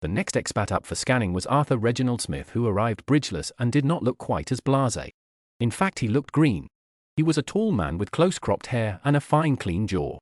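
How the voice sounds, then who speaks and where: Male audiobook narrator, animated delivery, dry booth sound. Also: mid-range voice, normal speed, no room sound. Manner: lively, animated reading with voiced characters. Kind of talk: scripted narration.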